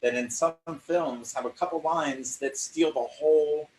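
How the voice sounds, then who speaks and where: A man's voice: fairly high pitch, measured pace, a little mellow, slight background noise. Man, casual guest, reflective, filler "like", distant mic, faint background ambience. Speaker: guest in a conversation about acting. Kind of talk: casual conversation. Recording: roomy sound from a distant mic.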